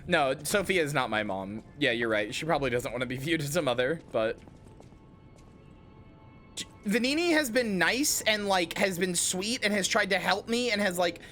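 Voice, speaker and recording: Lively, bright-voiced male game streamer. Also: high voice, normal speed. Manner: playful, rambling, talks to chat. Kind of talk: casual livestream commentary. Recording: faint music behind.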